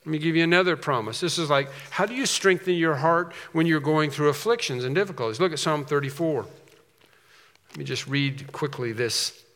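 In what sounds like a big room, a pastor with a slightly high voice preaches. He slows down and grows loud on the phrases that matter, then returns to a gentler tone.

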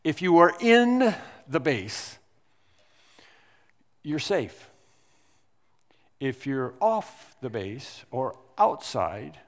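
A man preaching an expository sermon as pastor, speaking deliberately and leaning hard on single words for emphasis. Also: medium pitch, in a large hall. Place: church sanctuary.

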